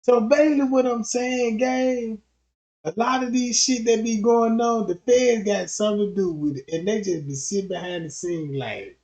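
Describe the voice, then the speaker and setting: A man's voice: sits high, normal speed, a little mellow. A man streamer telling profane, rambling comedic stories in a livestream rant. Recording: dull lo-fi stream audio.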